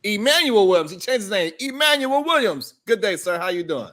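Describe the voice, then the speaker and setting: A man's voice: high voice, big pitch swings, brisk, sharp tone. A man hosting a podcast, arguing in a blunt, heated, profane way during a casual debate. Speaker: podcast host.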